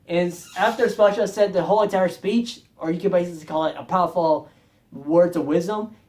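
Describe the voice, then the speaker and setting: A man's voice: high voice, fairly quick, darkish tone. Rambling man, casual vlog talk. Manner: rambling, self-correcting, chuckles often. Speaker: music video vlogger.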